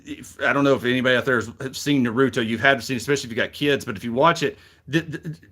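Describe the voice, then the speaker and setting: A man's voice: mid-range voice, sharp tone. Rambling, cussing Southern man. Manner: rambling, frank, swears freely, many fillers. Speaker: wrestling reaction show host. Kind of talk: casual commentary.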